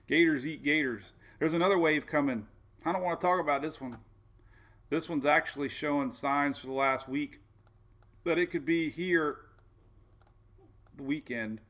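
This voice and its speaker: A man's voice: on the high side, unhurried, pauses often, a bit bright. A man hosting a casual weather livestream, chatty and folksy, often repeating himself and saying "man". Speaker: weather show host.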